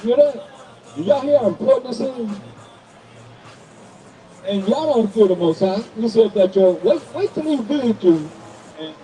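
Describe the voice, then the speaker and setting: High-voiced man preaching from a distance. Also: animated, normal speed, mellow, slight background noise. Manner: preaching to passersby, calling out to the crowd. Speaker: street preacher. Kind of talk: sermon.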